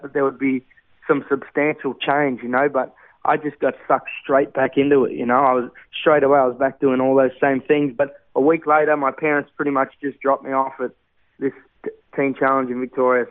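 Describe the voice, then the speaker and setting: A man's voice: mid-range voice, dry recording. Earnest man on tinny radio. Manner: earnest, heartfelt storytelling with many fillers. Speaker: guest sharing testimony. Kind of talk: personal testimony interview. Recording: tinny phone-like radio sound.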